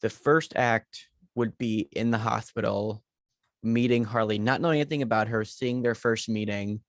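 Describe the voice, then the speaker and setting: A man's voice: lowish voice, steady tone, normal speed, dry recording, clean studio sound. A man co-hosting a podcast in casual movie chat, rambling through ideas with lots of fillers. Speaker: podcast co-host.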